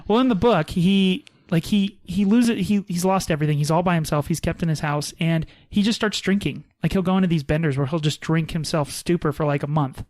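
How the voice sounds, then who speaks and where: A man co-hosting a podcast, retelling a story in casual chat, animated and restarting his sentences. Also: on the high side, fairly quick, few pauses, dry recording, clean studio sound. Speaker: podcast co-host.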